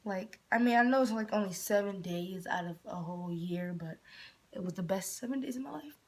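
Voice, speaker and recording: Speaking a little fast, a young woman from Michigan rambles through a story in a casual vlog. This vlogger frequently lowers her voice to a whisper and rises in pitch when quoting herself.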